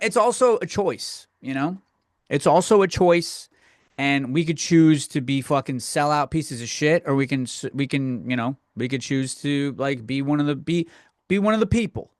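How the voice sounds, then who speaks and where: Young guy, solo podcast ranter, blunt and cussing, rambles and restarts, higher-pitched, dead-dry recording. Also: no echo. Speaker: podcast host.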